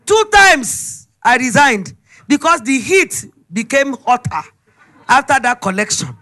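Bright-voiced Nigerian woman preaching a testimony. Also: sits high, unhurried. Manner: storytelling, emphatic, animated retelling. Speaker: speaker giving a testimony.

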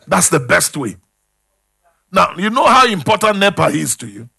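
Animated preacher with a gravelly voice. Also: male voice, sits high, normal speed. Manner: call-and-response preaching, swings from loud to hushed. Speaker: pastor. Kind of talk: sermon.

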